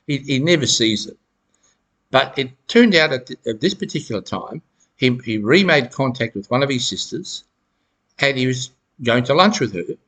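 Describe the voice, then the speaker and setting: A middle-aged man giving advice straight to camera, halting and repeating words, with frequent chuckles. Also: medium pitch, a bit bright. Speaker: self-help educator.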